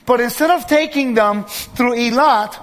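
Male preacher with a strikingly high voice, lively sermon delivery that acts out characters' lines, recorded in a hall with a long echo. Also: a little slow. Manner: keeps checking in with the audience and acts out quoted voices.

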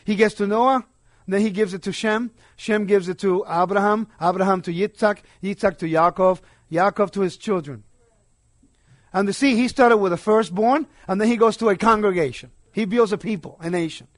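A man preaching a sermon, emphatic, swinging between quiet asides and loud declarations. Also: sits high, normal speed, no room sound, clean studio sound.

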